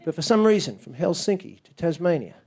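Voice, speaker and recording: A man doing a stand-up comedy routine on a small club stage, ranting and swearing in disbelief, jumping into loud high shouts to act out other people. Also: sing-song, a little fast, gravelly, breathy edge.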